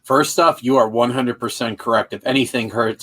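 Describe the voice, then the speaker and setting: A man's voice: medium pitch, fairly even intonation, moderate pace, fairly bright tone. A man co-hosting a casual podcast, chatty and hesitant, restarting his sentences as he gives his opinions. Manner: chatty, hesitant, full of fillers. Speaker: podcast co-host. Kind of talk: casual chat.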